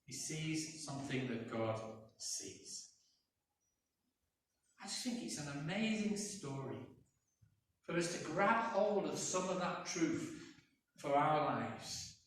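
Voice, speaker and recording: A man's voice: fairly high pitch, animated, takes it slowly, pauses often, slight background noise. A man preaching a sermon as pastor, telling a story in a conversational way and acting out voices. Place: church, indoors. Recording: echoey church from a distance.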